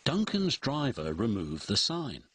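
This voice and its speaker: A man narrating a children's read-along storybook in an expressive, dramatic way. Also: mid-range voice, unhurried. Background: music.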